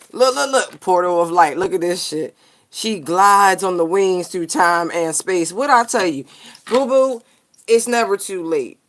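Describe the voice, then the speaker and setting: A person giving a casual tarot card reading straight to viewers, animated, slangy and profane. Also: medium pitch, noisy background.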